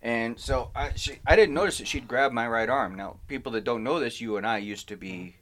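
A man's voice: mid-range voice, brisk. A man telling a long, rambling personal story in casual chat with a friend, stopping and restarting his sentences. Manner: rambling, animated anecdote with self-interruptions. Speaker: podcast co-host telling a story.

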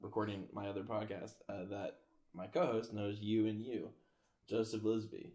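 A man's voice: on the low side, flat delivery, dark tone, echoey room. A man from the US South with a Southern accent, chatting casually as a podcast guest. He halts often, fills gaps with "uh", and swears casually. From US South (Georgia, Alabama). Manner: halting, filler-heavy, swears casually. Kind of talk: casual chat.

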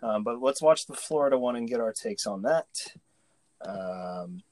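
A man's voice: medium pitch, lively intonation, unhurried, dark tone, slight background noise. A man hosting a casual podcast, joking loosely while steering the conversation. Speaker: podcast host.

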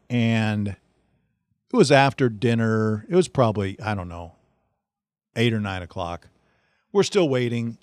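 A middle-aged man hosting a podcast, telling a funny story in a casual, animated way and laughing often. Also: fairly low pitch, no echo, clean studio sound. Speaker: podcast host.

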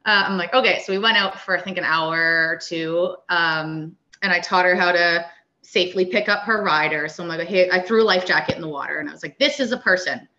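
A woman with a bright, forceful voice, somewhat lower-pitched, recounts a story in casual podcast talk. She animates each quoted person as she goes. The sound is dull and lo-fi. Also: brisk. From Canada. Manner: animated, acts out quoted dialogue. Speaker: guest, wakeboard coach.

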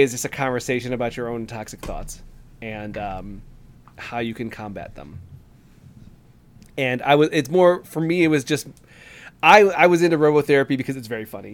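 A man co-hosting a podcast, chatting casually in a halting, rambling way with lots of fillers, sometimes acting out lines in quick voices. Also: mid-range voice. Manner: acts out game dialogue in quick voices. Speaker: podcast co-host. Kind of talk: casual chat.

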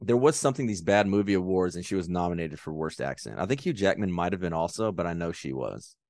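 Casual young guy on a movie podcast, pretty low voice, dead dry mic, jumps into goofy impressions. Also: fast, no echo. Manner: animated, acts out movie lines in exaggerated voices. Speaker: podcast co-host.

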